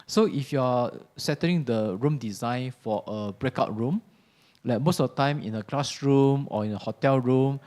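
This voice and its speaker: A man giving a relaxed, chatty product demo in a workshop classroom, often checking in with "okay?". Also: mid-range voice. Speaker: audio product trainer. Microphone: ceiling and handheld microphones in a live demo.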